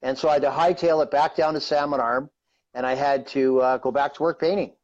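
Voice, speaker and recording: Speaking quite quickly in a mid-range, steady voice with a touch of mellowness, this fifties-aged Canadian guest spins a meandering personal tale on a live-streamed interview. He leans on "right?" and "you know" throughout, and the audio is dull.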